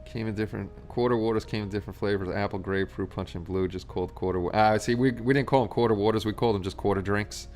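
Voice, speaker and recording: A man's voice: on the low side, steady tone, fast, few pauses, darkish tone. Chatty New York man hosting a stream. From Astoria, Queens, New York. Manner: chatty, rambling, reads viewer comments aloud. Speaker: livestream host. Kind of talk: casual livestream chat with viewers. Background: faint Christmas music.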